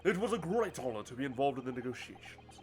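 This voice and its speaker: A man voicing a scheming older Japanese judge who speaks in a measured, stately way while reading a game's dialogue on a livestream. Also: mid-range voice, very animated, lightly acted. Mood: composed. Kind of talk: voicing game characters on a livestream.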